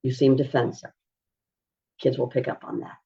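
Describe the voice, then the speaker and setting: A woman who coaches parents on autism, explaining behavior strategies in a calm, measured teaching style. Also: a bass voice, vocal fry, breathy edge. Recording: dull lo-fi recording.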